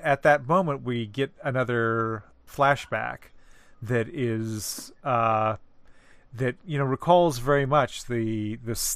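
Slow, smooth-voiced man explaining carefully. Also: medium pitch, fairly bright tone, no echo. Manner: measured, explanatory, pauses to find words. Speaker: discussion co-host. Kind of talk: casual literary discussion.

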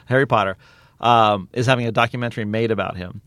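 A man's voice: fairly low pitch, fairly even intonation, fast, fairly bright tone, no room sound. A man hosting a podcast, telling a story in casual chat with lots of restarts and fillers. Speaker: podcast host.

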